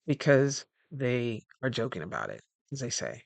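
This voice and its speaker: A man's voice: mid-range voice, normal speed, gravelly, few pauses, dry recording. A man coaching on communication in a casual, rambling talk, often acting out the people he describes and correcting himself mid-word. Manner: animated, acts out quoted dialogue.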